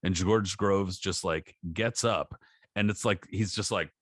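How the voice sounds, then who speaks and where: A man co-hosting a casual podcast, telling stories in a loose, profane, animated way and acting out quotes. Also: low voice, measured pace, no echo, studio quality. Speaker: podcast co-host. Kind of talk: casual chat.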